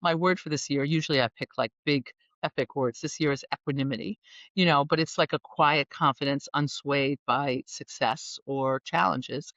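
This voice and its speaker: A woman executive coach talking on a podcast, animated and playful, fond of wordplay. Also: low-pitched, normal speed, dry recording, dull audio. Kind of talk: conversational podcast interview.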